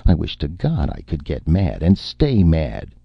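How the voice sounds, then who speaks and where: A man's voice: very deep voice, huge pitch swings, measured pace, creaky, dry recording, heavily acted. A man voicing a gloomy, plaintive male writer in a spoken story. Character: gloomy, put-upon male screenwriter. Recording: dull lo-fi, dry.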